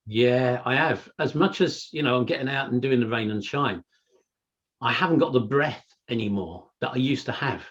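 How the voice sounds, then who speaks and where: A man's voice: mid-range voice, moderate pace, dull audio. A man co-hosting a podcast, chatting casually and telling stories full of "you know". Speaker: podcast co-host. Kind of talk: casual chat.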